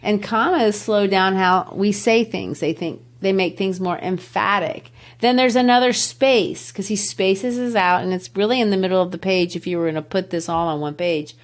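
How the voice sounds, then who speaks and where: A middle-aged woman teacher hosting a literature podcast. She explains a poem in a teacherly, emphatic way, and her voice sits at an ordinary middle pitch. She stretches out key words and rushes through asides. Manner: teacherly, emphatic, shifts pace to stress words.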